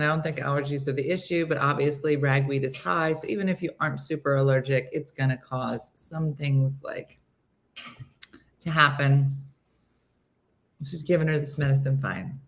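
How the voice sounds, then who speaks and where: A woman in her fifties hosting a casual morning show, telling a story with animated delivery and acting out her friends' voices. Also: sits low, slight background noise. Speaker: host.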